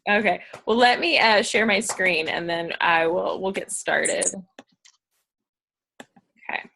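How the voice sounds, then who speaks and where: A woman's voice: lowish voice, slow pace, vocal fry, sharp tone, slight background noise. Bubbly chatty woman hosting a call. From Pennsylvania. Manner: bubbly and chatty, many fillers. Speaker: host of a team goal-setting call. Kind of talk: casual presentation on a video call. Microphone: video call.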